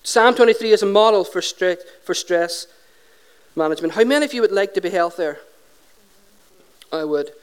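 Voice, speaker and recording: A middle-aged preacher with a notably high, smooth and resonant voice. He delivers his sermon in a chatty, humorous way, often putting questions to the congregation. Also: animated, moderate pace, pauses often.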